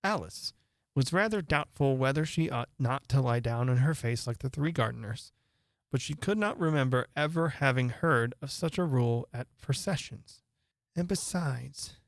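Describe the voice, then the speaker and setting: A man reading a classic storybook aloud as narrator, in a measured, expressive way. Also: on the high side, creaky, no echo, studio quality. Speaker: audiobook narrator.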